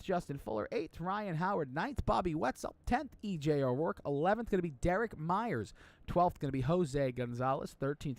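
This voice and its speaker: A man calling sim truck racing play-by-play in an energetic, chatty manner. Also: high voice, no echo. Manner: energetic, chatty, builds hype at the start. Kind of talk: play-by-play race commentary.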